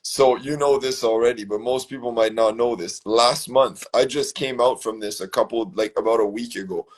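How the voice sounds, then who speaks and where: A man's voice: medium pitch, normal speed. A man hosting a casual talk show from his own room, telling a rambling story with plenty of swearing. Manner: rambling, profane, animated storytelling. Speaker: show host.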